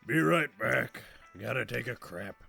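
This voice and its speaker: A man voicing a gruff, crude male turtle-dragon king with a husky, gravelly voice and a blunt, grumbling manner. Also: mid-range voice, expressive, unhurried, bright, forceful tone, soft background music, exaggerated voice.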